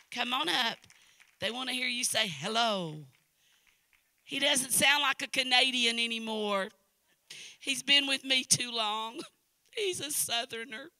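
A woman's voice: on the high side, bright, forceful tone, dry recording. A woman in her sixties, a guest preacher telling playful, folksy stories from the pulpit in a church. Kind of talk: sermon with personal anecdotes.

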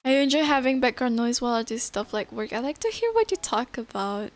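A woman live streamer in casual chat with her viewers. She is relaxed and chatty, laughs often and answers chat messages. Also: on the high side, a little fast, faint music behind.

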